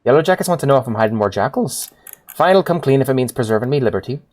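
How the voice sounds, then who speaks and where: A man voicing a shifty animal smuggler who talks roughly and colloquially, reading game quest dialogue aloud. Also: mid-range voice, lively intonation, racing, darkish tone, lightly acted. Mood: furtive. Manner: rough colloquial talk, says 'me' for 'my'.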